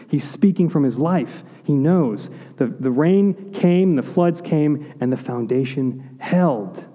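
A man delivers a sermon in an earnest, questioning style, often lowering his voice for quiet intensity. His voice sits a little high yet sounds mellow and soft-edged. The church hall adds a long reverb tail. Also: expressive, slow, hardly any pauses. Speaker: pastor.

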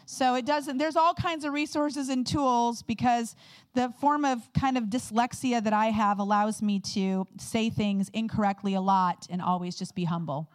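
A woman guest speaker giving a candid, conversational sermon with quick personal asides. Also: fairly high pitch, fairly even intonation, no room sound.

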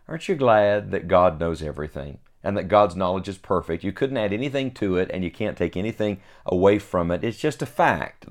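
A man preaching a sermon, reading scripture aloud and then explaining it to his listeners in an earnest, direct way. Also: fairly low pitch.

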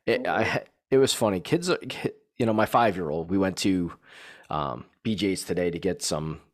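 A man's voice: deep voice, animated, normal speed. A man in casual chat, telling a rambling story about his young son, full of restarts and fillers.

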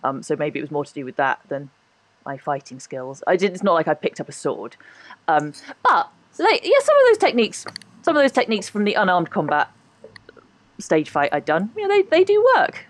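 A woman's voice: lowish voice, brisk, dry recording. Posh woman, dry close sound. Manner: animated, laughs often, hedging. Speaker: podcast guest. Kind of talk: casual interview chat.

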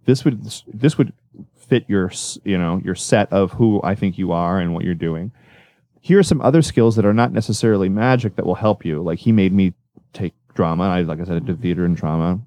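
A male magician talking casually in an interview, rambling and correcting himself as he tells animated stories. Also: deep voice, a little fast, no echo, studio quality. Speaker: magician guest.

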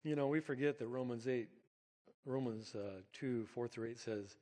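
A middle-aged man preaching, telling a personal dream story in an earnest, animated way and chuckling now and then. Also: medium pitch, normal speed, long reverb tail. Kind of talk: sermon-style storytelling.

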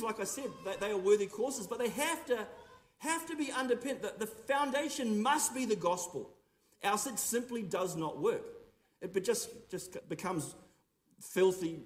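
A man with a high, light voice delivers a sermon. He preaches earnestly and with emphasis. He drives his points home with rhetorical questions. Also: lively intonation, moderate pace.

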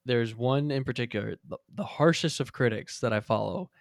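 A man co-hosting a podcast, chatting about movies in a relaxed, wry, teasing way. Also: mid-range voice, normal speed, creaky, no room sound, clean studio sound. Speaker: podcast co-host. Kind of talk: casual movie review chat.

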